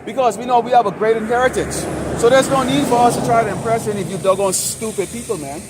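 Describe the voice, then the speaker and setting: A high-pitched male voice delivers a heated, profane street sermon straight to the camera. He rants rather than speaks calmly. Steady traffic noise from the road around him is heard clearly in the outdoor recording. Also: fast. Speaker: street preacher.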